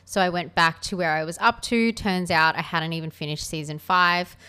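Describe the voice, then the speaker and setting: A woman's voice: fairly low pitch, fairly even intonation, moderate pace, pushed and bright, clean tone. A woman co-hosting a podcast, chatting casually and gossiping about reality TV, laughing often. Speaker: podcast co-host. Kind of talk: casual chat.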